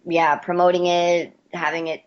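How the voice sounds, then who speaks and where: A low-pitched woman from West Virginia speaks in a relaxed interview, stumbling and repeating words as she collects her thoughts. The audio sounds dull and lo-fi. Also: moderate pace. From West Virginia, USA. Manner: hesitant, repeats words while thinking, laughs easily. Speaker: interview guest, athlete. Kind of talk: casual interview answers.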